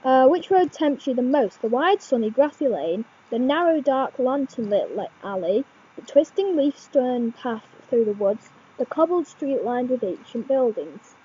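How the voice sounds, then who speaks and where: A woman's voice: high voice, animated, a little slow, dark tone, lo-fi sound, slight background noise. A young woman, chatting casually as she reads quiz questions aloud and thinks them through, with many fillers and restarts. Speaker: vlogger.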